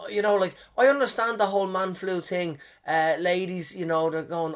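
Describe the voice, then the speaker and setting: A man with a head cold rambles through a comic monologue in a slightly high voice. He swears freely, trips over his words and keeps losing his thread, then picks it back up. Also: fairly even intonation, fairly quick, few pauses. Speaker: comedian.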